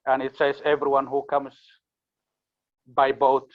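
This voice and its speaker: A man who is a refugee recounting his arrival in a steady, measured way, with many fillers. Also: medium pitch. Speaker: refugee speaker. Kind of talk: speech at an online launch event. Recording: tinny phone-like line.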